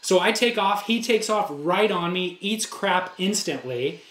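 A man with a high voice, chatting casually on a podcast. He tells stories with animation and acts out the other people's lines. The sound bounces around a roomy space. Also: a little slow. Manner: animated storyteller, acts out dialogue. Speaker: co-host telling a story. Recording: roomy echo.

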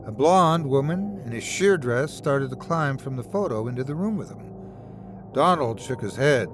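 A man narrating a horror story in a measured, dramatic way. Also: on the high side.

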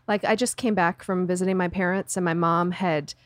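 A woman's voice: fairly low pitch, fairly even intonation, fairly quick, dry recording. A woman guest on a casual book club podcast, speaking reflectively and hesitantly with many fillers.

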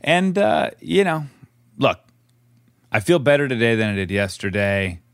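A man's voice: mid-range voice, sing-song, unhurried, creaky, smooth, no room sound, clean studio sound. A middle-aged man co-hosting a podcast, chatting candidly and rambling with frequent restarts. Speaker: podcast co-host, actor. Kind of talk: casual podcast chat.

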